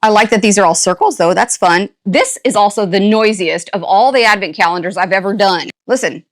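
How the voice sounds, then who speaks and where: An older woman hosting a casual unboxing, chatty and playful with quick asides and a jokey put-on country twang. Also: mid-range voice. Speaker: unboxing channel host. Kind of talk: casual product unboxing chat.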